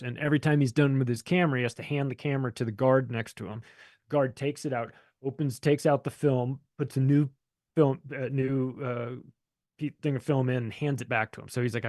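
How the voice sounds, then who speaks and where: A man's voice: mid-range voice, a little mellow, no echo. A man chatting as a podcast guest, spinning a long anecdote with plenty of swearing. He slips into the voices of the people he quotes. His voice is dry and close, with no room sound. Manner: rambling, profane, acts out quoted voices. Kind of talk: casual storytelling conversation.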